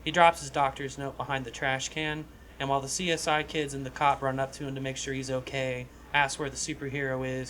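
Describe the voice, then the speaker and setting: A man co-hosting a podcast, casually pitching a comedy script with profanity and lots of restarts. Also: flat delivery, brisk, a bit bright, a little hiss or hum. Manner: rambling, profane, frequent restarts. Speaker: podcast co-host.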